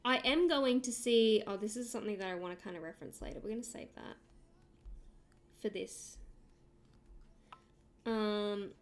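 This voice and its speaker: A woman's voice: mid-range voice, normal speed, pauses often. A young woman from Australia with an Australian accent, chatting casually and rambling as she streams herself drawing and answers chat. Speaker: livestreamer.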